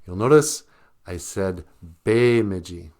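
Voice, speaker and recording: A man's voice: sits low, lively intonation, slow pace, darkish tone. A man from Minnesota, hosting a show in a casual joking monologue, rambling and chuckling often. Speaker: show host.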